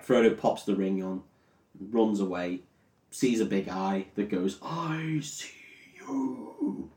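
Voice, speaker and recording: A man's voice: low voice, steady tone, unhurried, dark tone. A young man crudely retelling a fantasy film for laughs, swearing freely and laughing as he goes. His voice sits in a roomy space, some distance from the microphone. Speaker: podcast co-host retelling a film. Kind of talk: comedic casual retelling.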